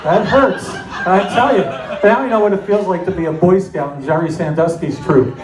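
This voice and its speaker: A middle-aged man from New Jersey doing a stand-up comedy set with deadpan, self-mocking storytelling. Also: high voice, moderate pace, recorded from a distance. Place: comedy club stage. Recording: echoey club with audience noise. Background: audience laughter.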